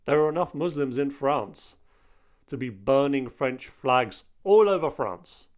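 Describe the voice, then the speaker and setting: A man hosting an opinion commentary video, speaking in an indignant, emphatic way. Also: mid-range voice. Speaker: host.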